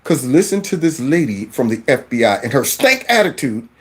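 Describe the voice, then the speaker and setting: A man's voice: medium pitch, big pitch swings, normal speed. A man hosting political commentary, reacting in an exasperated, incredulous, colloquial way.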